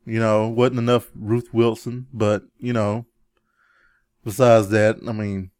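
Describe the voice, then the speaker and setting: Male co-host, lively casual movie chat, dry close sound, chuckles a lot. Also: slow, clean tone, no echo. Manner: animated, chuckling, jumps into high mimicking yells. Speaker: podcast co-host.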